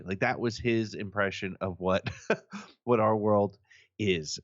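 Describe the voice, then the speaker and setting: Laid-back New Jersey guy, low voice. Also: moderate pace, no room sound, muffled recording. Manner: laughs easily, relaxed storyteller. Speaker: podcast co-host. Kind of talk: casual chat.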